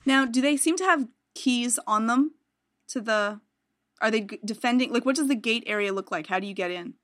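A woman's voice: a little high, fairly quick, fairly bright tone, dry recording, clean studio sound. A woman playing a tabletop game, chatty and friendly. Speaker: player. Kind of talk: casual game play.

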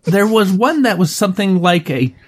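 A male panelist on a word game, musing deliberately over his choice. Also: sits high, lively intonation, breathy edge.

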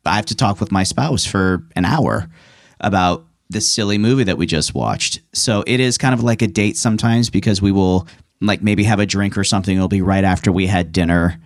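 A man's voice: low-pitched, fairly quick, no echo, studio quality. A man on a podcast as a guest, telling stories in casual chat, with lots of restarts. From New York. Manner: chatty, rambling storyteller with many restarts.

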